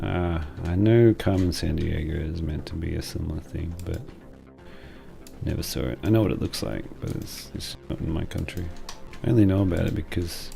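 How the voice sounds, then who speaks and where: A man with a very deep, gravelly voice and a dark tone, chatting casually while streaming a game. He rambles and jokes and mutters asides, with faint music playing behind him. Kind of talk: casual gameplay stream commentary.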